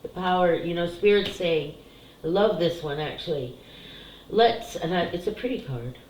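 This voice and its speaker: This is a low-quality, reverberant recording with a little hiss or hum. A middle-aged psychic who reads cards talks to her viewers candidly and emotionally about family and spiritual cards in a casual to-camera way, sometimes in tears and cursing openly. Her voice is lowish and darkish in tone, at normal speed.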